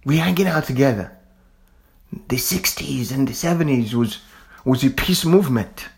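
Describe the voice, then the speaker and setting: A man's voice: mid-range voice, normal speed, gravelly. A man from Africa giving a fervent, repetitive monologue, swearing casually as he preaches. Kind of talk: impassioned monologue.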